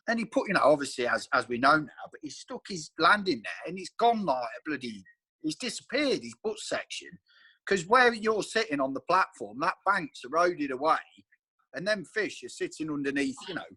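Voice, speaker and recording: A man on a video call, telling stories with a lively, bouncing pitch. His voice is bright and husky, and the sound is dry and close. He acts out his friends' voices as he goes. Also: moderate pace, no echo. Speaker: regular angler on the chat. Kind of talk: casual video call chat.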